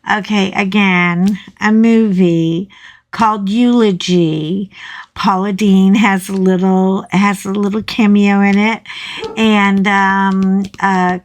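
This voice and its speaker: Slow-talking chatty woman vlogger. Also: mid-range voice. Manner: rambling, chatty, animated asides. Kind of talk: casual chat.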